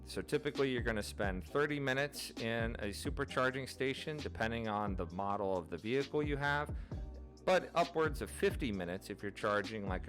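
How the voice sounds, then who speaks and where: A man hosting his own channel, narrating an informative explainer in a steady, methodical way, going through items one by one. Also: lowish voice. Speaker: channel host.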